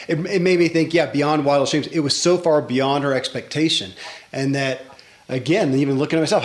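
Reflective male podcast host, echoey. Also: on the high side. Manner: reflective, self-questioning, conversational. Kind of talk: podcast interview.

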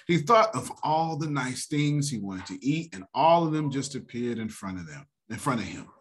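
A man hosting a motivational finance talk, animated and preacher-like, often laughing. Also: mid-range voice, moderate pace. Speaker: host.

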